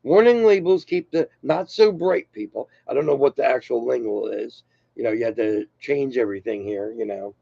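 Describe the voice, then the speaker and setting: A man's voice: medium pitch, normal speed, gravelly, mellow, dry recording. An older man hosting his own channel, talking in a loose, rambling, self-deprecating monologue. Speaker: channel host. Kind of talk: casual unscripted monologue. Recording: dull lo-fi sound.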